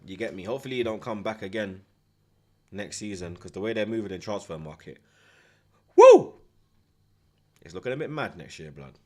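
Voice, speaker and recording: Animated man. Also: low-pitched, fast talker. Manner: animated, slang-heavy, excitable banter. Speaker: host. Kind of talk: live match watchalong commentary.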